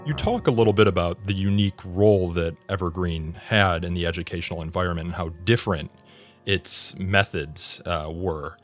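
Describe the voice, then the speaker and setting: A man hosting a podcast, asking long, measured questions with frequent fillers. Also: low voice, faint music behind. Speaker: podcast host. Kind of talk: interview questions.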